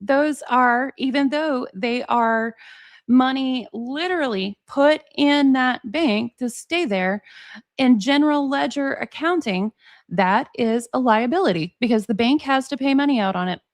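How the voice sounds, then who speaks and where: A woman's voice: sits high, a little slow. Sarcastic woman streaming live commentary. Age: 40s. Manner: sarcastic, exasperated, laughs often.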